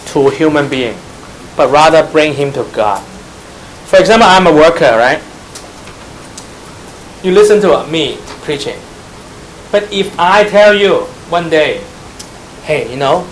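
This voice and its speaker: A man with a Chinese accent, Mandarin his first tongue, preaches a Bible study sermon in emphatic, earnest English. His voice sits a little high for a man, and he speaks directly to his listeners. A faint hiss runs under the recording. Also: poor audio.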